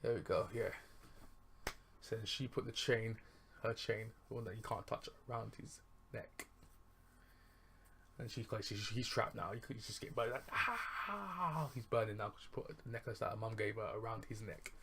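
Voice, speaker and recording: Man, movie reviewer, casual plot recap, rambling, low-pitched, gravelly. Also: little pitch movement, moderate pace, a bit bright, a little hiss or hum. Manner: rambling, chuckling, self-correcting.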